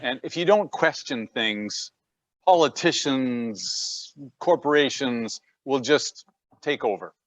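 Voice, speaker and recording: A man's voice: mid-range voice, lively intonation, takes it slowly, a bit bright, no room sound. A Canadian man, a personal trainer, chatting as a guest from his home gym, self-deprecating and prone to repeating words. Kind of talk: casual conversation.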